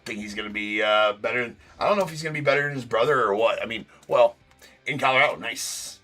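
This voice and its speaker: A man's voice: medium pitch, fast, sharp tone, faint music behind. A man hosting a live-stream card break, talking loosely and casually, swearing and then jokingly apologizing. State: sore tooth.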